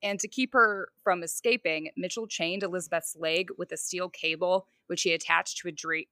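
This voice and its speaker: Bright-voiced woman telling a true crime story. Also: lowish voice, steady tone, moderate pace, no room sound, studio quality. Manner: conversational, fillers like "you know" and "like".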